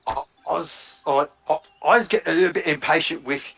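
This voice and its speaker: A man's voice: on the high side, a little fast, vocal fry, fairly bright tone, breathy edge, pitched above the performer's own voice, exaggerated voice. Man doing a blunt, awkward barbarian. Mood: impatient. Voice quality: blunt, broken grammar, says mate.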